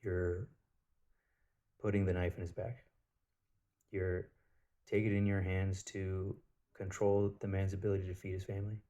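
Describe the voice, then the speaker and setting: A man's voice: deep voice, flat delivery, normal speed, pauses often, warm tone, dull audio. A man telling a personal story in a casual spiritual monologue, blunt and profane, with lots of filler words.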